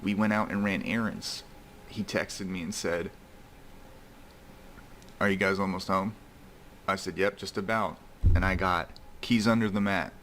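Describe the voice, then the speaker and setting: A man in a played video, recounting a friend leaving him in a halting, hurt way. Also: low-pitched, steady tone, a bit bright, slight background noise. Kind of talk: personal account in a played video.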